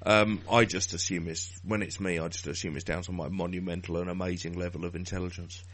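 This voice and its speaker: Cheeky, bright-voiced male podcast co-host. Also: deep voice, little pitch movement, fast. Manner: cheeky, crude, joking. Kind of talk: casual podcast banter.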